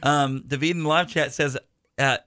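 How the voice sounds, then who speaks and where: A man's voice: medium pitch, fairly even intonation, moderate pace, bright, forceful tone, clean tone, no echo. A man hosting a podcast in casual chat, rambling with restarts and side jokes. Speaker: podcast host.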